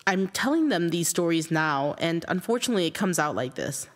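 A woman's voice: fairly low pitch, lively intonation, big-room sound. Reflective woman telling her life story. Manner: reflective, halting, earnest. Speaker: interviewed writer. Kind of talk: personal storytelling.

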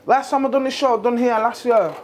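Slangy young rapper, high voice. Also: male voice, fast, a little hiss or hum. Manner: slangy, animated, swearing freely. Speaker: rapper on tour. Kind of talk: casual backstage chat.

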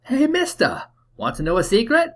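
A man's voice: very high-pitched, huge pitch swings, moderate pace, voice pushed up, heavily acted. A man voicing a scrappy seven-year-old homeless boy in a put-on Cockney accent, chattering and pleading in a game. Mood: eager.

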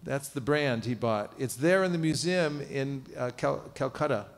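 A man's voice: mid-range voice, moderate pace. A man giving a live seminar lecture, quizzing his audience and cracking jokes. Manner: lively, quizzes audience, joking asides. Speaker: seminar teacher. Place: temple cultural hall.

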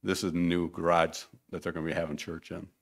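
A man's voice: low voice, level tone, fast talker, creaky. A man giving a rambling, conversational mission report at a church podium, often restarting his sentences. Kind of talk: informal church presentation with slides.

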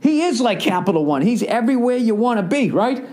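Profane rambling man, high voice. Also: brisk. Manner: profane, rambling, animated storytelling. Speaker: podcast host. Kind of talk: casual comedic monologue.

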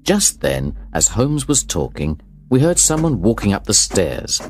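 Deep, expressive male storybook narrator. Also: unhurried. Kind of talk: storybook reading for learners.

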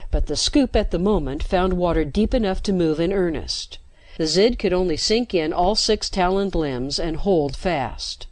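Woman reading a story, steady and dramatic, dry close sound. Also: on the low side, dry recording. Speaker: narrator. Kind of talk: scripted narration.

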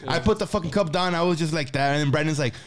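A man's voice: on the high side, quick pace. A man telling a crude, swearing-heavy story in a casual podcast chat with friends. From San Antonio, Texas. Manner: profane, animated storytelling. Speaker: podcast co-host.

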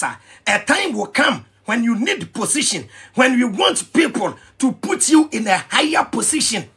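A Ghanaian man ranting in an animated vlog commentary, excitable and mixing pidgin with Twi. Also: very high-pitched, husky. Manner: excitable, switching between pidgin and Twi, shouting and laughing. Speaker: vlogger.

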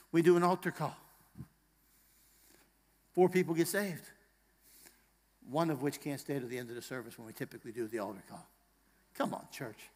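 Pastor, hushed to rousing, in a reverberant hall. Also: male voice, fairly high pitch, a little fast, pauses often. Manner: swings from hushed tender passages to loud emphatic rallying; jokes with the congregation and asks them questions. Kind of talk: sermon. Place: church sanctuary.

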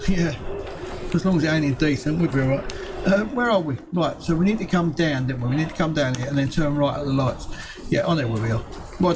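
A man's voice: fairly high pitch, background noise. A man giving casual, chatty commentary while playing a survival game, muttering to himself and swearing lightly. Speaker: gaming video host.

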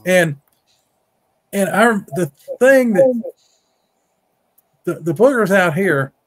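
A man's voice: high-pitched, expressive, slow, a little hiss or hum. Folksy man telling a tale. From Mississippi. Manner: folksy, repeats words, acts out quotes in a raised voice. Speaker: guest storyteller, Bigfoot researcher. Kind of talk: casual storytelling in a conversation. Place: home on a rural farm.

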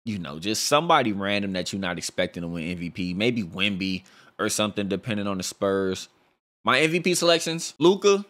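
A young man giving casual, slangy commentary over a basketball sim game, reacting loudly to each result. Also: fairly low pitch. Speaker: gaming YouTuber.

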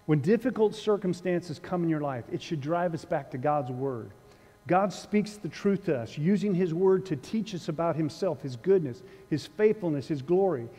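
A man's voice: on the high side, expressive, moderate pace, mellow, slightly rough, big-room sound. A male pastor preaching a sermon in a conversational, dryly humorous way, with a sarcastic wit. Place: church sanctuary.

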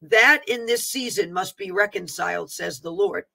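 A woman's voice: fairly low pitch, moderate pace, vocal fry, sharp tone, rough recording. A woman minister earnestly reading aloud a prophetic word, stopping for asides about capital letters.

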